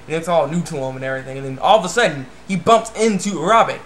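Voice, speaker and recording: A man's voice: a little high, fast, a bit bright, a little hiss or hum. A young man casually recapping an anime episode, rambling with lots of fillers and "he's like". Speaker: anime reviewer.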